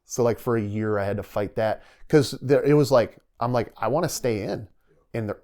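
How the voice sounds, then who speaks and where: A middle-aged man, a retired soldier, telling his story as a podcast guest in a casual, animated way, acting out what others said and laughing often. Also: medium pitch, brisk. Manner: animated storyteller who acts out quoted dialogue and laughs often.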